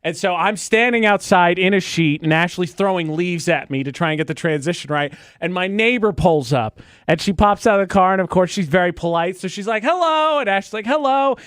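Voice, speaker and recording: A young man co-hosting a chat show, teasing and joking in a relaxed way. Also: sits high, a little fast, hardly any pauses, clean tone, no room sound, studio quality. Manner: wry, playful teasing. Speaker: radio show co-host. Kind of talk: casual chat.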